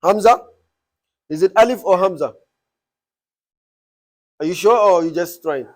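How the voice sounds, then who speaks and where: A man's voice: sits high, unhurried. A man teaching a class, explaining step by step and quizzing students with repeated questions. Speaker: Arabic teacher.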